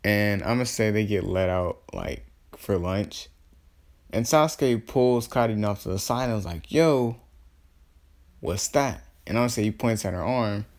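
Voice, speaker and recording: A man spinning a fan story off the cuff in a loose, slangy ramble. He corrects himself and leans on fillers as he goes. His voice sits a little low. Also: moderate pace, a little mellow. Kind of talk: improvised fan-fiction storytelling.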